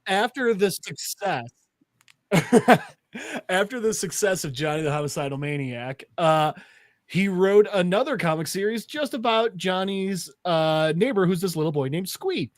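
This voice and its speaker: High-voiced man retelling a comic. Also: measured pace, dry recording, clean studio sound. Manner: animated storyteller, acts out voices. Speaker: podcast co-host, comic segment. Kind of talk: casual chat, retelling a comic.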